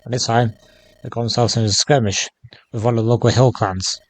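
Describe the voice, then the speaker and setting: Man reads a steady village husband, low and hushed. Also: a little fast, lightly acted. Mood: calm.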